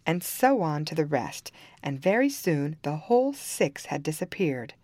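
A woman reads a fairy tale aloud in a low voice that rises and falls with lively pitch. Her storybook narration keeps a calm, even pace. The recording is dry and close. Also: unhurried, no room sound.

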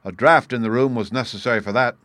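A man reading a sharp, middle-aged male detective who explains his reasoning in a measured, assured way. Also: medium pitch, no echo, close to an everyday voice. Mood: explaining. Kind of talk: audiobook character reading.

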